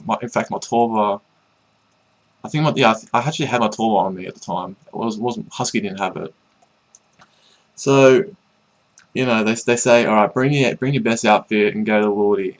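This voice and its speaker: Young man, lowish voice, casual rambling storytelling, amused, lots of fillers. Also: rough recording. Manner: rambling, laughing, many fillers and restarts. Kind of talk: casual storytelling about a game.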